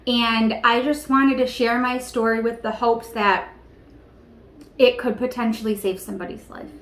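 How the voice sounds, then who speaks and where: A woman's voice: a little high, steady tone, normal speed, echoey room, slight background noise. A woman in her thirties telling a personal story to camera in an earnest, emotional way, with many fillers like "you know" and "like". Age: 30s. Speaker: vlogger.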